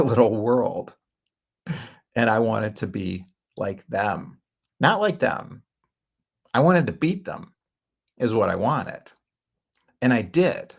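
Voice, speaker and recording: A man's voice: mid-range voice, vocal fry. A middle-aged man telling a personal story in a chatty, casual way, laughing often and acting out quoted lines. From Chicago area, United States. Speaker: podcast host.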